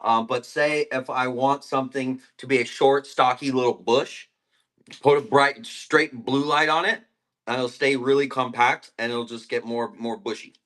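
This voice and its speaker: A man's voice: medium pitch, pushed and bright. A man selling plants on a live stream, chatting casually and rambling between topics while eating. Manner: rambling, laid-back, eating while talking.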